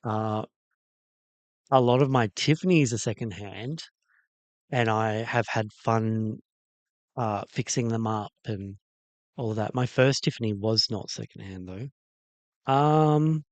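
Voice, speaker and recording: A man chats slowly through a livestream in a gravelly, creaky voice, rambling and hesitant with plenty of ums. The sound is close and dry. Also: on the low side, dry recording. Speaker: toy restoration livestream host. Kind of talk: casual livestream chat reacting to a video.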